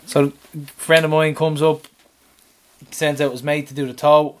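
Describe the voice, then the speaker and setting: A man, co-hosting a podcast and animatedly retelling his week, swearing and shouting out the lines he quotes. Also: a little high, level tone, unhurried, a little hiss or hum. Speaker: podcast co-host. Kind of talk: casual storytelling chat.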